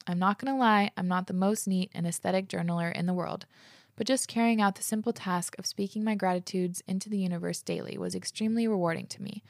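Listener letters get read aloud by this podcast host, who chats casually, gushes freely and keeps saying "like." Her medium-pitched voice is creaky and a little mellow, captured dry at studio quality.

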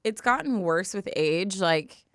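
A woman's voice: mid-range voice, animated, fairly bright tone, clear, resonant tone, dry recording, studio quality. Emotional, dramatic young woman. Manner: emotional, dramatic storytelling, quick to laughs and tears. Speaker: podcast co-host. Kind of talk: casual chat.

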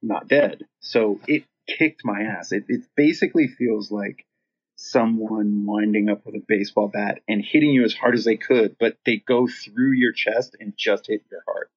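A man's voice: lowish voice, steady tone, normal speed, breathy edge, lo-fi sound. A man, a band singer, telling a long story in casual chat, rambling and swearing freely.

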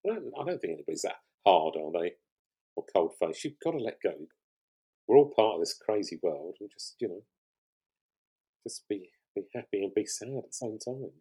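A man's voice: on the low side, expressive, moderate pace, dark tone, husky. An older man, a guest on a podcast, telling stories in a rambling, conversational way with frequent restarts. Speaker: guest, pottery show finalist.

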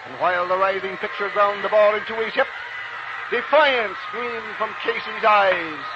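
A man recites verse in a grand declamatory style, rising to shouts and dropping to somber hushes. His voice sits high. Loud hiss and a dull, narrow sound mark an old radio recording. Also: moderate pace.

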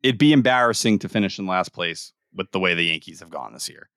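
A man's voice: deep voice, animated, fast talker, a bit bright, dry recording, studio quality. A man co-hosting a sports podcast in casual banter, worried, insistent and profane. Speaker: podcast co-host.

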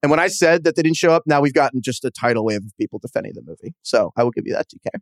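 A man's voice: mid-range voice, very fast, dry recording. Man, podcast co-host, casual joking banter, dry close sound. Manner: animated, joking, runs the sign-off.

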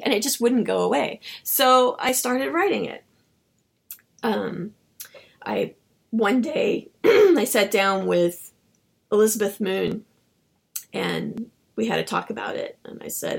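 Woman, husky voice, interview guest, lively storyteller, acts out dialogue. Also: a little high, unhurried. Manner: animated, acts out her own dialogue with laughs. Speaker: novelist guest.

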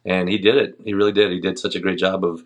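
A man's voice: sits low, fast talker. A middle-aged man, a band's singer, chatting casually as an interview guest and telling stories with easy laughs. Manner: relaxed storytelling, laughs easily. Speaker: band vocalist, guest.

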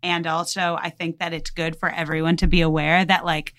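A woman's voice: deep voice, flat delivery, a little fast, a bit bright. A woman guest on a podcast, making a careful, cautionary point with many "like" fillers. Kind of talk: casual conversational chat.

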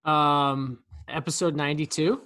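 A man's voice: a little high, steady tone, a little slow, bright, forceful tone. A man co-hosting a podcast in casual chat, rambling with lots of fillers. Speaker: podcast co-host.

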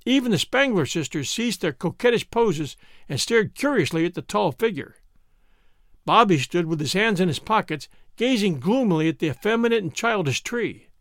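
Male storybook narrator, expressive, high and animated, dry close mic. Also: normal speed, no room sound. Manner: expressive, acts out character voices.

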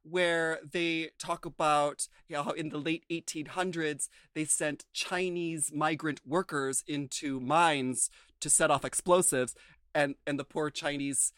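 A man from the United States, co-hosting a podcast, chats loosely through a TV show recap in a high-ish, fairly bright, clean voice with fairly even intonation, speaking a little slowly. He's chatty and rambling, restarting sentences and filling them with "like" and "um". The recording is dry and close, with no echo.

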